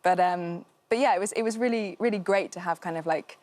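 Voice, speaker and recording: A woman's voice: lowish voice, a little fast, darkish tone. A woman in her thirties, an actress guest on a morning talk show, chatting in a bubbly, giggly way with plenty of fillers. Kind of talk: casual chat interview. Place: television studio.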